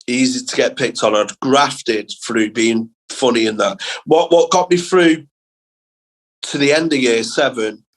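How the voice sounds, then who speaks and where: Young comedian from England, casual sweary storyteller, lively and quick to laugh. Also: male voice, mid-range voice, low-quality recording. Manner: sweary, animated anecdotes with laughs. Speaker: comedian guest.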